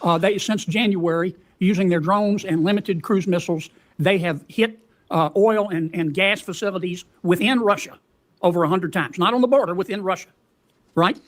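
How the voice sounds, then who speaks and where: A man's voice: high-pitched, moderate pace. A man questioning a witness at a hearing, folksy, pressing with leading tag questions.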